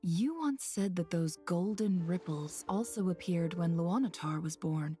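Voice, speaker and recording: A sharp, resolute female scholar from a video game, reasoning things out with dry wit in a lowish voice. Faint game music underneath. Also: lively intonation, unhurried. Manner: analytical, dryly witty.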